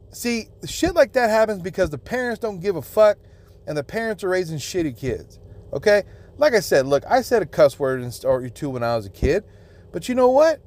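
A young man with a drawl hosting a solo podcast rant, swearing nonstop and sounding outraged and emphatic. His voice sits a little higher than most men's, and he keeps up a crude, indignant tone throughout. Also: big pitch swings, a little fast, a little mellow. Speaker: podcast host.

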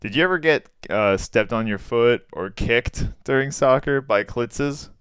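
A man's voice: medium pitch, a little slow, fairly bright tone, clear, resonant tone, no room sound, studio quality. A young man in casual chat, teasing and joking with his friend. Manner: laughing, teasing banter.

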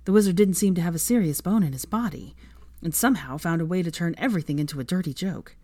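Low-voiced woman reading fan fiction. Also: lively intonation, fast, a little mellow, dry recording, clean studio sound. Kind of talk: audiobook narration.

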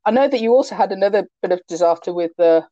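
A woman hosting an interview, asking calm leading questions. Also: mid-range voice, fast talker, no echo. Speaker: host. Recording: dull, dry lo-fi audio.

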